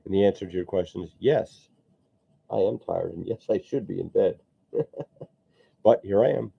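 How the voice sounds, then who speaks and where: A man's voice: sits low, normal speed, gravelly, breathy edge. A man chatting casually and rambling to viewers while he sculpts on a live stream. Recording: tinny phone-like audio.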